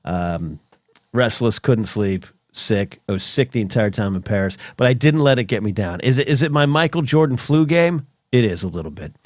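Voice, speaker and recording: A man's voice: fairly low pitch, animated, moderate pace, no echo, studio quality. A middle-aged man hosting a solo podcast, telling stories in a rambling, chatty way full of asides. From United States. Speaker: podcast host.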